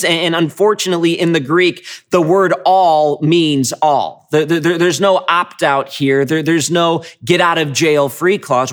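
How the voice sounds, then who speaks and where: A pastor delivers a sermon in a casual, talky manner, his voice sitting a little higher than most men's. He often restarts phrases and repeats a word before pushing on. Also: moderate pace, few pauses, a bit bright. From Michigan. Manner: conversational, repeats words when starting phrases.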